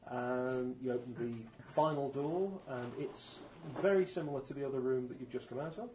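A man's voice: medium pitch, moderate pace, mellow, a little hiss or hum, poor audio. A man running a tabletop role-playing game as game master, describing rooms with frequent ums and uhs. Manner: hesitant, lots of ums and uhs.

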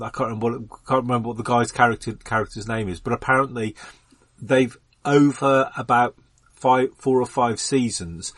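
A man chatting casually on a gaming podcast, halting with many ums and restarts. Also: medium pitch, a bit bright, dry recording. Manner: hesitant, lots of ums and restarts. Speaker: podcast player. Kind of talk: casual chat.

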